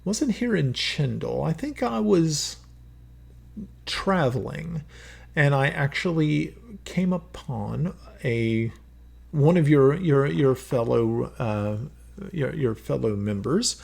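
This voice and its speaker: Rambling, stammering king, genial, slow-talking, gravelly; man doing the voice. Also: on the high side, sing-song, exaggerated voice. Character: genial chatty human king, older man.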